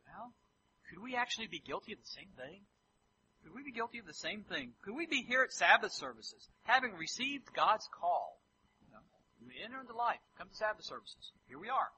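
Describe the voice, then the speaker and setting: A man preaching a sermon, animated and acting out scripture quotes in different voices. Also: high voice, a little fast, slight background noise, low-quality recording.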